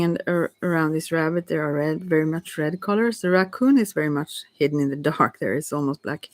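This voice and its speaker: A woman with a Swedish accent, a native Swedish speaker, casually reading and talking through oracle cards for viewers, halting with many fillers and soft laughs. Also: low voice, no echo. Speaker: oracle card reader.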